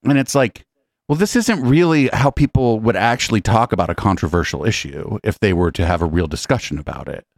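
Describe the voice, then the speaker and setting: A man's voice: on the low side, expressive, fairly quick, no room sound, studio quality. A man from California commenting on a clip in a casual, sardonic way. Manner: wry, sardonic. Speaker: podcast co-host commenting.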